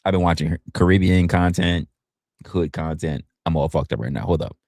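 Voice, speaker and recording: A man's voice: moderate pace, dry recording, clean studio sound. A man hosting a casual livestream, talking loosely and profanely and often stumbling and restarting his words. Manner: animated, swinging pitch up and down. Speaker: livestream host.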